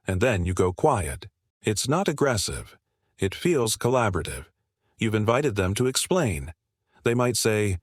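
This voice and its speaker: Male narrator, lowish voice, measured and assured scripted delivery, dry close sound. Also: very animated, no echo. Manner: measured, confident storytelling with rhetorical questions.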